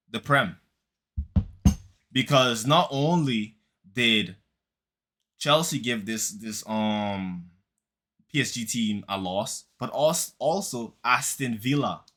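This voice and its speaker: A man's voice: medium pitch, animated, slow pace, long pauses, sharp tone. A man giving a heated, mocking football reaction commentary, using street slang and repeating lines for emphasis.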